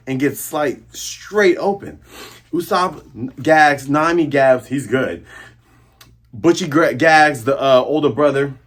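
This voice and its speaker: A man hosting a casual manga chapter review, excitable and acting out the scenes as he describes them. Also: medium pitch. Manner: animated, excitable, acts out scenes.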